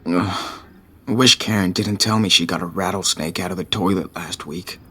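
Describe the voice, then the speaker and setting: An actor playing a weary teenage boy on the run, musing quietly in a wry inner monologue for a video game. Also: low-pitched, normal speed, slightly rough, exaggerated voice.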